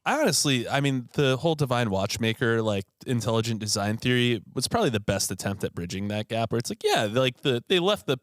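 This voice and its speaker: A man co-hosting a casual podcast, animated and jokey, swearing freely. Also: mid-range voice, brisk, hardly any pauses, dry recording, clean studio sound. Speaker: podcast co-host. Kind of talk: casual chat.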